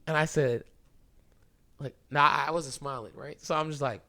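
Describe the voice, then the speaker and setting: A young man hosting a podcast, telling a story in a casual, animated way and filling it with "bro" and "like.". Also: fairly high pitch, moderate pace, pauses often. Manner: animated, keeps saying "bro" and "like"; acts out quoted lines, drops to a hushed voice at times. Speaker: podcast host.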